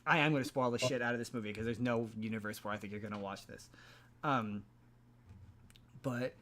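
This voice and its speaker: A man's voice: medium pitch, fairly even intonation, a little fast, fairly bright tone, a little hiss or hum. Rambling male podcast host. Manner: rambling, loose storytelling with frequent restarts. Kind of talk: casual chat, recapping a movie plot.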